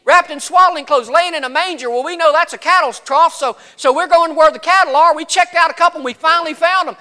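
A man voicing an excited rough shepherd with a Southern accent, stammering and insistent, his voice cracking. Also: very high voice, full character voice. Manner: stammering, insistent, shouting at times. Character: excited rough male shepherd, breathless with news.

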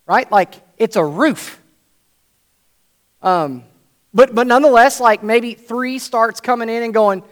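A man preaching a sermon, retelling a story in an animated way and checking in with "right?". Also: very high voice, a little slow, pauses often. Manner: animated, acts out the scene, frequent "right?".

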